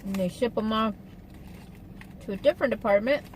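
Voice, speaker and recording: A woman's voice: on the high side, moderate pace, a little hiss or hum, rough recording. A woman chatting casually in her car on an eating-show vlog, rambling along with fillers and asides. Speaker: vlogger. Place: inside a parked car.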